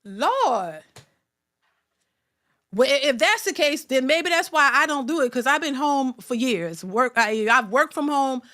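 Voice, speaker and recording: A woman's voice: high voice, expressive, unhurried, pushed and bright. A middle-aged woman, ranting in blunt, repetitive commentary as a channel host. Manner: emphatic, repetitive, blunt and profane. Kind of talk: casual commentary rant.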